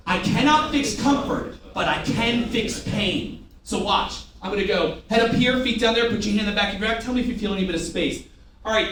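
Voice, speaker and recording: A man running a live sales training, firing rhetorical questions and getting the room to repeat after him. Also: high-pitched. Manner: energetic, rhetorical questions, call-and-response with the room. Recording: echoey room from far off, faint noise.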